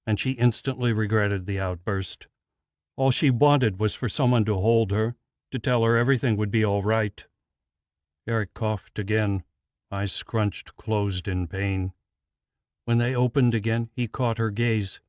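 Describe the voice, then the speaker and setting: A man narrating a fantasy audiobook in a measured, deliberate scripted read. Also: fairly low pitch, darkish tone, no room sound, studio quality.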